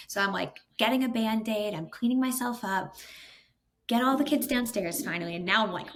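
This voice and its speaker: Podcast guest: woman in her thirties, middle pitch, animated and exasperated storytelling, conversational. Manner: animated, exasperated retelling with quick asides. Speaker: podcast guest, content creator.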